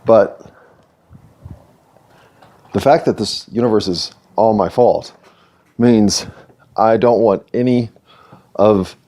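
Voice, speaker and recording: A man's voice: fairly low pitch, fairly even intonation, slow pace, pauses often, mellow. An American man hosting a solo podcast, talking in a rambling, philosophical, self-deprecating way. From United States. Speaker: podcast host. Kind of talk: reflective solo monologue.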